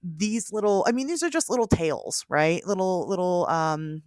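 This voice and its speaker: A woman with a lowish voice hosting a podcast, telling a folktale in relaxed, chatty storytelling. She laughs easily between lines, and her voice sounds close and dry with no room echo. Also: moderate pace. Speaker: podcast host. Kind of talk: casual chat and folktale storytelling.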